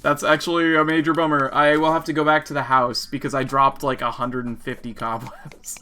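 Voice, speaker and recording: A man co-streaming a video game in casual chat, excitable, often yelping and laughing as he plays. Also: on the high side, a little fast, a little hiss or hum.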